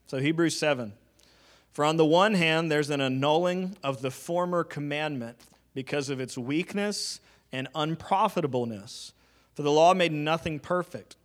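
A man preaching a sermon in a conversational teaching style, with casual fillers and joking asides. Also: a little high.

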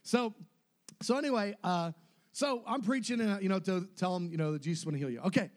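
High-voiced, lively preaching man. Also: fairly quick. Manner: animated, laughing storyteller who acts out quoted voices. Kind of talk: sermon storytelling.

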